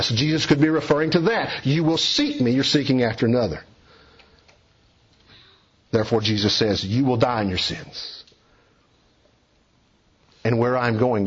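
A man's voice: medium pitch, breathy edge. A man preaching an expository sermon, rising and dropping his voice for emphasis and urging his listeners to hear him. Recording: dull lo-fi recording.

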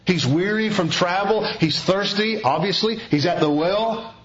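A man preaching an expository sermon in a measured, earnest teaching manner, often dropping soft for emphasis. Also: sits high, dull audio.

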